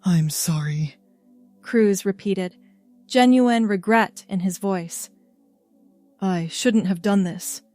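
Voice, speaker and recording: Apologetic young man read by a woman narrator in a story reading, soft and quiet, slow, dry close recording. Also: medium pitch, dry recording, faint music behind, natural voice. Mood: regretful.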